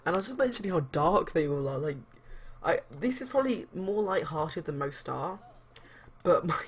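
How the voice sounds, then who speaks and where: A woman's voice: lowish voice, expressive, normal speed, husky. A young woman chatting casually as a let's play host, rambling with lots of fillers. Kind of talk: casual game commentary.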